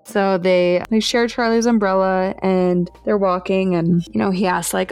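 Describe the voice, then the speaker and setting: A woman co-hosting a book podcast, recapping the plot in a relaxed way full of "like" and "you know". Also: mid-range voice, a little slow, clean tone, soft background music. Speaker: podcast co-host. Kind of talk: casual book review chat.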